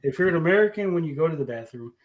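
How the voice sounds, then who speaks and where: Rapid-fire and animated, this young man's high-ish, narrow voice comes through tinny audio. He co-hosts a casual podcast as a comedian, rambling through jokes with many fillers and restarts.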